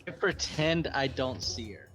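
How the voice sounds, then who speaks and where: A man's voice: mid-range voice, expressive, measured pace, a bit bright, soft background music. Man playing a tabletop game. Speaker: player. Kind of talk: casual tabletop play.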